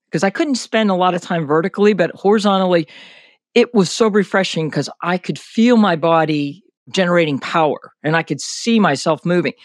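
High-voiced older man, candid storyteller. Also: no echo, clean studio sound. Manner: detailed and candid, many fillers like "you know" and "like". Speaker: guest, senior athlete recounting an injury. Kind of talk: conversational interview.

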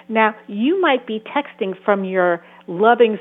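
A woman's voice: mid-range voice, animated, measured pace, few pauses. A woman therapist and author giving earnest interview answers, sometimes acting out the voices she quotes. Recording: tinny phone-like sound.

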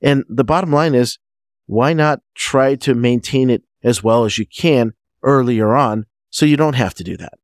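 A man who is a guest physician, answering interview questions in a halting way, often restarting his sentences. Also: medium pitch, no room sound, studio quality. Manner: halting, frequent restarts and fillers. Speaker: guest physician, medical director.

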